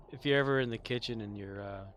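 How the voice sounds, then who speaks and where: A man's voice: mid-range voice, a bit bright, a little hiss or hum. Laughing man streaming. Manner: laughs often, loose and joking, trails off in restarts. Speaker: game streamer. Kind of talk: casual live-stream chat.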